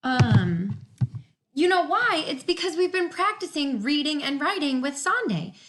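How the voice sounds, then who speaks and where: A woman, a teacher giving a remote reading lesson to young children from home on a laptop mic, enunciating each word slowly and clearly and sounding encouraging. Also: high-pitched, lively intonation, noisy background. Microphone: laptop computer mic.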